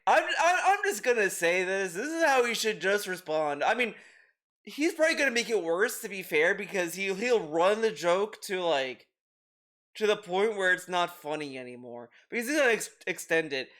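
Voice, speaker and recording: A man's voice: high voice, sing-song, moderate pace, a bit bright. A man hosting a commentary video, reacting with rambling, restarting sentences, swearing and laughing.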